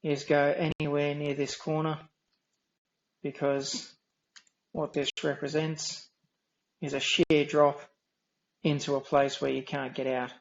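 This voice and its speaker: An Australian man with a nasal, droning voice talks through a game at a slow, even pace. His delivery is dry and wry, with little rise and fall in pitch, and his voice sits a touch high. The stream audio sounds dull and lo-fi. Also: vocal fry. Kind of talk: casual gameplay commentary.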